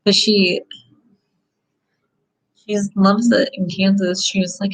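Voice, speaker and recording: A woman's voice: mid-range voice, steady tone, takes it slowly, pauses often, low-quality recording. A woman from the Midwest chatting casually as a beauty vlogger while she gets ready, rambling and saying "like" often. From American Midwest. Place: home, Kansas City.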